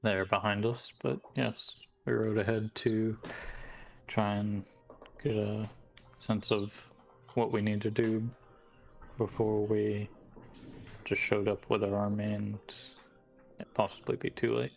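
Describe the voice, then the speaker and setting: A man playing a tabletop game, asking deliberate questions. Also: on the low side, flat delivery, creaky. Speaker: player.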